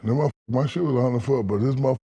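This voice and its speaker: A man in his fifties, a podcast guest, telling animated, profane stories and acting out quoted lines. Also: medium pitch, very fast, breathy edge, highs cut off. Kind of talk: storytelling in casual interview.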